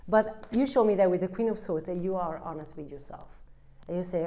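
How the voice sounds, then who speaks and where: A woman's voice: on the low side, a little fast, mellow. A woman with an Italian accent giving a direct-to-camera tarot reading, blunt and emphatic, with broken English. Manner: blunt and emphatic, acts out the listener's inner voice. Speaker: tarot card reader.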